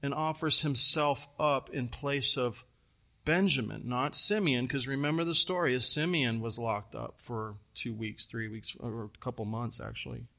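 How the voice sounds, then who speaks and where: A man preaching a sermon, retelling a scripture story with earnest, animated emphasis and repeated phrases. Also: mid-range voice, normal speed, vocal fry. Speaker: pastor.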